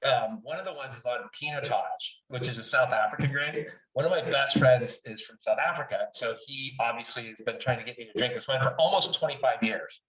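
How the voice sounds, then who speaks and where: Swearing freely and speaking with candid enthusiasm, a middle-aged wine writer is a guest in a relaxed interview. His medium-pitched voice is a bit bright, and he talks briskly with few pauses. The sound is distant, dull and roomy.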